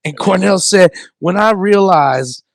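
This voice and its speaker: A man hosting a casual comedy radio chat, laughing often and telling stories with animated, put-on quotes. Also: sits high, measured pace, creaky, no echo. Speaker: radio comedy show host.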